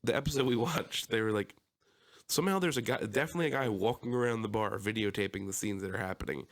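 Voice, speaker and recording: A man's voice: fairly low pitch, fast talker. A man with a Philadelphia accent co-hosting a podcast, telling stories casually with swearing and laughter. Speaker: podcast co-host. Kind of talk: casual chat.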